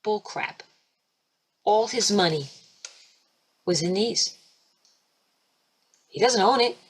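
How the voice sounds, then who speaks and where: A woman with a husky, slightly breathy voice preaches fervently to her webinar audience. Her pitch sits mid-range, but she keeps leaping up and getting louder to make a point, then drops back to a plain conversational tone. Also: lively intonation, slow. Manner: emphatic and fervent, with sudden jumps in pitch and loudness. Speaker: spiritual teacher hosting a webinar. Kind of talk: impassioned preaching webinar talk. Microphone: computer mic for a webinar.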